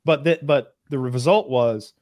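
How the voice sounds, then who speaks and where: A man's voice: medium pitch, unhurried, a little mellow, no echo. A man in casual chat, rambling at length and dropping dry, sarcastic jokes.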